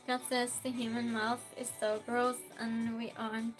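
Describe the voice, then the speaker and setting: Woman streamer hosting a quiz, high voice, unhurried, reads chat aloud, switches between loud and hushed. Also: little pitch movement, music in the background. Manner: reads chat aloud, slow and chatty, swings between loud outbursts and soft near-whispers. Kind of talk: casual live-stream chat.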